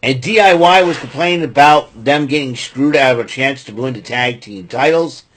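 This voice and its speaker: Husky-voiced guy doing a loose rambly show recap, lots of uhs, says what he thinks. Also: mid-range voice, moderate pace, fairly bright tone. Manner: rambling, full of fillers and restarts, blunt opinions. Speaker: podcast host recapping wrestling.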